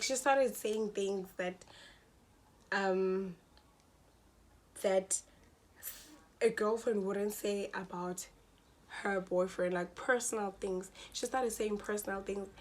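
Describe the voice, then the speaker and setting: A young woman with a South African Xhosa accent casually tells a personal story to her channel in a mid-range voice, speaking slowly with long pauses. She's animated, acting out other people's lines in quoted voices and mixing in Xhosa, over a little hiss or hum.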